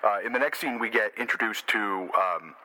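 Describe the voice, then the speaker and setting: A man co-hosting a casual film-review chat, animated, laughing and swearing freely. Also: on the low side, moderate pace, rough recording. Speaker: podcast co-host.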